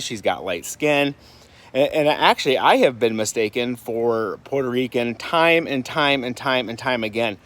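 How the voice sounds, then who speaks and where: A man's voice: medium pitch, fairly bright tone. Chatty man vlogging with rhetorical questions. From Michigan. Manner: rambling, many fillers and restarts, rhetorical questions. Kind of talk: casual vlog talk. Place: home in Puerto Rico.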